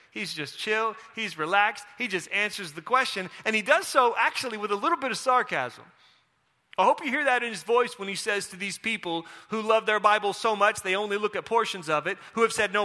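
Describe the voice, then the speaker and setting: Bright-voiced preacher in an echoing hall. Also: male voice, sits high. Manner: casual and conversational, with playful asides. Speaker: pastor. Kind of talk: sermon. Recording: long hall reverb.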